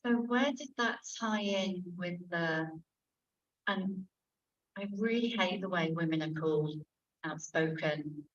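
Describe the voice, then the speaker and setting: Woman interviewer at a book event. Lowish voice, relaxed halting questions, muffled recording. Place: bookshop event room.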